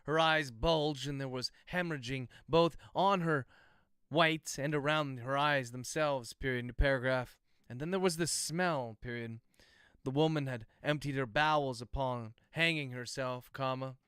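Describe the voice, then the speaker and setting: A man's voice: mid-range voice, normal speed, fairly bright tone, clear, resonant tone, dry recording. Man, author, dictating a novel aloud, methodical, close dry mic. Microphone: close livestream microphone.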